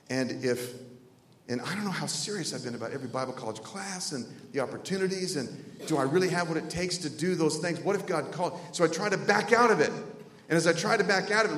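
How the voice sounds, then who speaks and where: A man's voice: on the high side, lively intonation, fast talker. Preacher man in an echoey hall. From North Carolina. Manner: emotional storytelling, swinging from loud exclamations to hushed near-whispers. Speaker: pastor. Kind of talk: sermon. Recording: echoey hall with long reverb.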